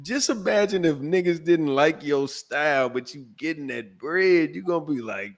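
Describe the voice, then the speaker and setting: Brief: lively AAVE-man, podcast co-host, teasing, high and swooping voice. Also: normal speed, creaky. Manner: animated, laughing, teasing. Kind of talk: casual chat.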